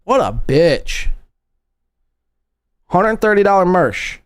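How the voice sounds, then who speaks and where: A man's voice: sits high, very animated, slow pace, clean tone, no echo, clean studio sound. A man hosting a podcast, mocking and sarcastic as he reacts to a played clip. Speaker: podcast host.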